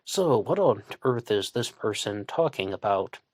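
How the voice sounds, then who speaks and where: A man with a fairly low voice hosts his show in a relaxed monologue. He meets critics with dry sarcasm. The sound is close and dead, with no room in it. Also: measured pace, dry recording. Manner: conversational, with sarcastic asides. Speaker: online radio show host. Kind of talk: casual monologue.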